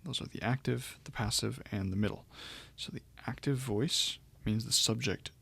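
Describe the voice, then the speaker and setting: A man's voice: mid-range voice, moderate pace, gravelly, fairly bright tone, slightly rough, no room sound. A man teaching Greek grammar in a recorded lecture, explaining step by step with frequent ums and restarts.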